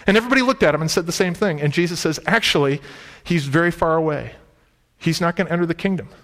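Conversational preacher with a high voice. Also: male voice, fast talker, a bit bright. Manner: conversational, emphatic, paraphrasing scripture in everyday speech. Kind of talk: sermon. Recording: reverberant hall.

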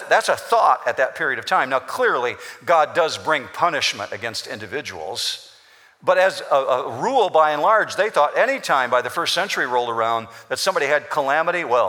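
A man's voice: medium pitch, bright, forceful tone. A man preaching a sermon as pastor, explaining scripture in an emphatic, repetitive way in a church. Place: church sanctuary. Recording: long hall reverb.

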